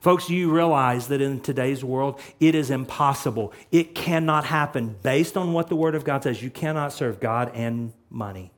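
A man preaching a sermon as a pastor, emphatic, swinging between loud passages and quiet ones. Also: medium pitch, normal speed, hardly any pauses.

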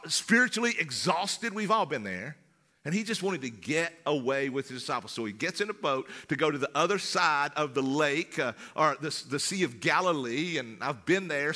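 A middle-aged male pastor preaching in a conversational style, repeating words and swinging from loud to hushed. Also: a little high. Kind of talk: sermon.

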